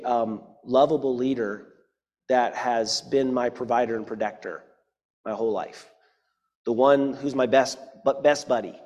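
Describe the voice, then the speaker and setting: A man's voice: fairly high pitch, moderate pace, a little mellow, in a large hall. A man in his forties preaching a sermon, talking conversationally and making joking asides to his congregation. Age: 40s. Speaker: pastor.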